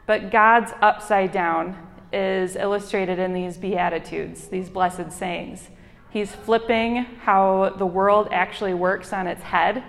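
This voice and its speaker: A young woman with a Michigan accent gives a casual sermon, dotted with ums and self-deprecating asides. Her voice sits at an ordinary middle pitch. The sound trails off in the long reverb of a large hall. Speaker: hospital chaplain giving a sermon. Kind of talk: informal sermon.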